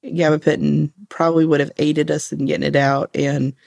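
A podcast co-host chatting casually, matter-of-fact and quick to chuckle. The voice has a gravelly fry to it, and the recording is close and dry. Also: mid-range voice, level tone, a little mellow, no room sound. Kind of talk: casual chat.

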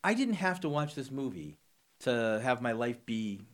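A man co-hosting a casual movie chat, talking in halting bursts with many restarts and a wry edge. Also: medium pitch, very animated. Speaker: podcast co-host.

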